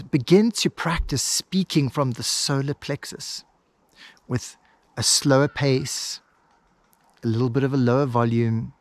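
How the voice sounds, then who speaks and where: A man teaching hypnosis, switching between quick lively talk and a slow, soft, paused delivery. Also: medium pitch, no room sound. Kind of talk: instructional video monologue.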